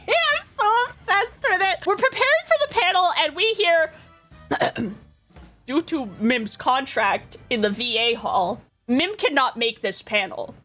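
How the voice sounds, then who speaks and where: A woman streamer from Canada chatting with chaotic, excitable energy and plenty of swearing. Her voice sits high and bright and swings widely in pitch. Faint music plays in the background. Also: a little slow. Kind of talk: casual chat.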